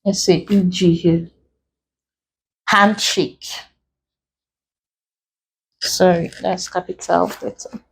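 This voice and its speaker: A woman's voice: fairly low pitch, flat delivery, gravelly, mellow, husky. A woman teaching an exam-prep English lesson with a Nigerian accent, explaining rules step by step and spelling out letters. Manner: slow, deliberate, spells out letters. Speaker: English tutor.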